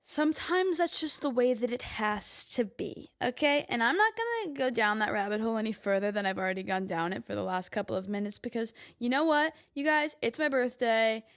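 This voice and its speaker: A woman in her twenties hosts a podcast, speaking a little fast with few pauses in a slightly high, animated, fairly bright voice. Her casual monologue to listeners is chatty and emphatic, packed with "like."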